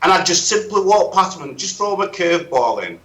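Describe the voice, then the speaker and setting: A man's voice: high voice, very animated, brisk, fairly bright tone, poor audio. A man speaking as a podcast guest, frank and emphatic in casual conversation. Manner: emphatic, opinionated.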